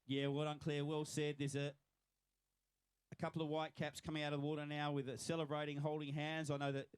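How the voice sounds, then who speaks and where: A man's voice: fairly high pitch, monotone, brisk, smooth, no echo. A man with an Australian accent, commentating live at a swim finish line and congratulating each swimmer by name.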